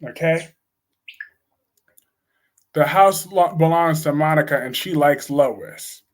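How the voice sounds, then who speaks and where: In a casual live-stream chat, a high-voiced man lays out his soap opera opinions at a slow, blunt pace. He keeps restating his points to drive them home for viewers.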